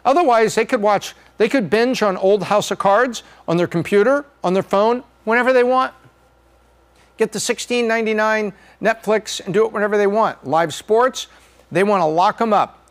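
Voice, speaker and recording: High-pitched guy hosting a podcast, chatty, jokey, walks you through his slides. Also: normal speed. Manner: chatty, jokey, acts out little voices. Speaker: podcast host. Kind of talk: casual lecture with slides.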